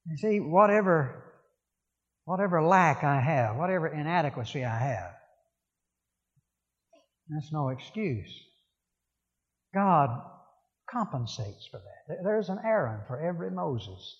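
Preacher in a ringing church. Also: male voice, fairly high pitch, very animated, unhurried, long pauses, in a large hall, highs cut off. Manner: conversational, repetitive, emphatic. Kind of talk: sermon.

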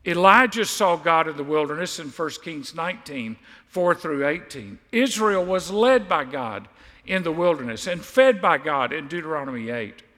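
A man's voice: fairly high pitch, animated, normal speed, pushed and bright, in a large hall. A man preaching a sermon as pastor, stressing and repeating key words for emphasis.

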